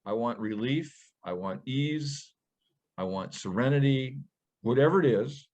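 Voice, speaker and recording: A man co-hosting a show, speaking in a measured, thoughtful way. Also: medium pitch, animated, a little mellow. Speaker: co-host. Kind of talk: reflective casual talk.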